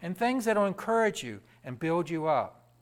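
This man delivers his sermon at a moderate pace in a high-pitched voice, keeping it lively and conversational and turning aside now and then to address the congregation.

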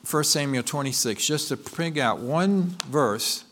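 A male pastor delivering a sermon, telling a story in an animated way and often correcting himself mid-sentence. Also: a little high, unhurried, slight background noise. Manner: animated storytelling, with frequent restarts and self-corrections.

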